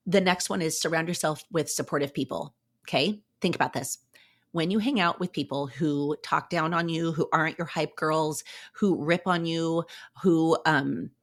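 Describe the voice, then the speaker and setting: Woman podcast host, casual motivational chat, upbeat and encouraging, slightly low-pitched. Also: fairly bright tone. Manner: upbeat, chatty, encouraging, with playful acted-out asides.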